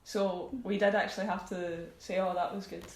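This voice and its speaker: A woman co-hosting a casual film chat, who makes brief, dry remarks. Her voice sits at a middle pitch. The recording sounds roomy. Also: little pitch movement, moderate pace. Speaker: podcast co-host.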